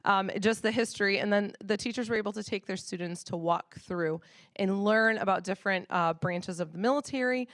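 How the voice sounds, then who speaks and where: An enthusiastic woman in her thirties, a school principal, gives a chatty presentation at a board meeting. She talks casually, with plenty of "um"s and restarts. Her voice sits at an ordinary pitch, picked up close and dry. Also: brisk, a bit bright, no echo. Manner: chatty, enthusiastic, with many fillers.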